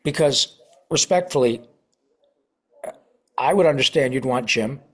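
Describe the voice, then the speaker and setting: A middle-aged man in a casual interview, telling a story with lively asides and acted-out quotes. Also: medium pitch, unhurried. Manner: animated, acts out quoted voices. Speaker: voice actor guest.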